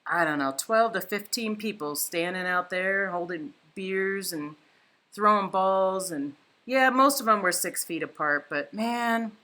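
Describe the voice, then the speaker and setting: A woman's voice: medium pitch, a little slow. Chatty woman hosting a live paint stream. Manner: chatty, reads viewer comments aloud and thinks out loud. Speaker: livestream painting host. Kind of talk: casual chat while painting live. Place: home, indoors.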